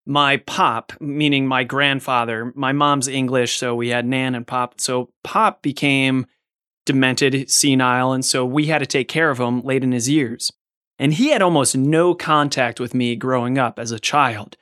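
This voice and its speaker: Host, male, mid-pitched, dry close sound, conversational storyteller. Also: steady tone, measured pace, fairly bright tone, clean tone, no echo. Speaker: podcast host. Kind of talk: casual podcast interview.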